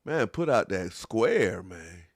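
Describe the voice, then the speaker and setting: A man's voice: low-pitched, very animated, takes it slowly, background noise. A man hosting a call-in show, commenting on a clip in a casual, slangy, mocking and scolding way.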